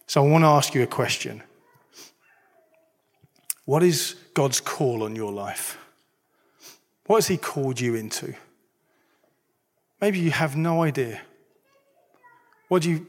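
Middle-aged man, pastor, conversational sermon full of rhetorical questions, recorded in a big echoing hall. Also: mid-range voice. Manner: conversational, self-deprecating preaching with rhetorical questions. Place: church hall. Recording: long hall reverb.

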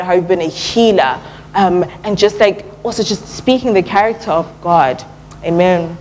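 A young woman preaching a relaxed, conversational sermon at church, often pausing with "um" and dropping in casual slang. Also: fairly low pitch, slight background noise, low-quality recording. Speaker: church speaker.

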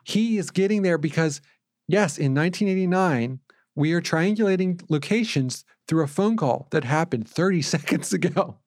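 A man's voice: a little high, animated, moderate pace, a little mellow, no echo, clean studio sound. A man co-hosting a casual movie review podcast, telling stories in a rambling way with frequent laughs and fillers. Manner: rambling storyteller, laughs often, lots of fillers. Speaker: podcast co-host.

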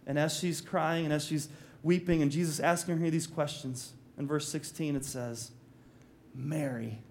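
A man's voice: mid-range voice, darkish tone, a little hiss or hum. A male pastor preaching a sermon, telling the story animatedly, acting out quotes and slipping in jokes.

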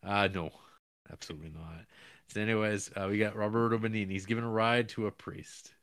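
A man's voice: on the low side, steady tone, brisk, fairly bright tone, clean tone, no room sound. A man co-hosting a podcast, chatting casually about a film in a rambling, profane way with plenty of laughter. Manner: rambling, profane, laughing, breaks into mock Italian voice. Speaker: podcast co-host. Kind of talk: casual film-review chat.

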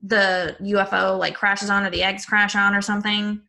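A woman's voice: medium pitch, little pitch movement, moderate pace, vocal fry, bright, forceful tone. A woman with a Midwestern accent co-hosting a podcast, chatting enthusiastically about a TV show and often trailing off mid-thought. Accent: Midwestern American. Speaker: podcast co-host. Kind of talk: casual chat.

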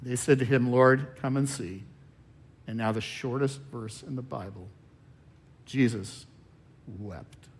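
A man preaching a sermon, reading scripture and explaining it in a slow, measured way with long pauses and phrase endings that trail off softly. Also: mid-range voice, slight background noise. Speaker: pastor.

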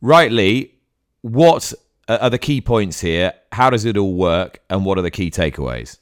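A man hosting a racing podcast, teasing and lively with his guest. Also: lowish voice, measured pace. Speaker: podcast host. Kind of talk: casual interview chat.

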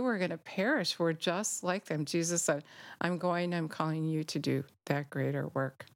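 A woman delivers an informal sermon in a low, earnest voice. She talks conversationally, with frequent asides to the listener. The sound is dry and close, with no room echo. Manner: earnest, conversational, many "you know" asides. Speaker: preacher.

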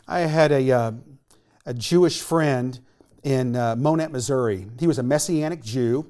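A male pastor preaching a sermon, animated and storytelling, acting out the voices of the people in the story. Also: medium pitch, measured pace. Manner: animated, acts out quoted voices and questions.

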